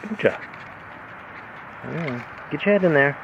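Filming his pets indoors and in the yard, a man speaks to them in a playful, teasing sing-song, his fairly high voice creaky and expressive at a measured pace. The handheld camera mic gives a muffled recording against a noisy background.

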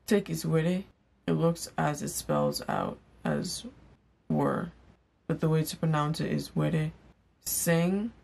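A young woman giving a casual vlog language lesson, repeating each word slowly for learners. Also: low voice, gravelly, darkish tone. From Igbo household in Nigeria. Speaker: language teacher. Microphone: on-camera mic.

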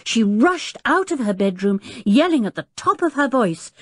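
A woman reading a children's adventure story aloud in an expressive, suspenseful way. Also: on the high side, normal speed, hardly any pauses, dry recording, clean studio sound. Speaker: audiobook narrator. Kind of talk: scripted story narration.

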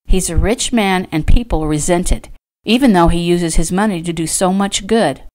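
A kindly ranch woman who comforts with soothing, matter-of-fact words, as a woman reading her novel puts her on. Her voice is lowish and gentle in this storybook reading. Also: moderate pace, lightly acted. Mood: reassuring.

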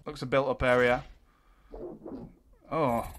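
A young man giving excitable live gameplay commentary as a gaming YouTuber, swearing and exclaiming when things go wrong. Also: on the high side, a little slow, a little hiss or hum.

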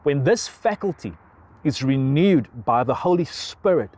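A man, a pastor giving an earnest, unhurried sermon outdoors on a sunny mountainside, praying and reading scripture aloud, often restarting and repeating words. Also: fairly high pitch, expressive, a little mellow.

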